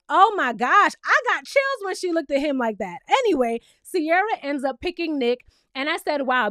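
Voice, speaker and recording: A young woman with a high, bright voice gives a chatty, sassy reality TV recap. She talks directly to her audience in a casual, conversational way. The recording is dry and close, with no room sound. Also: no room sound. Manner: sassy, chatty, addresses viewers directly with frequent "okay?".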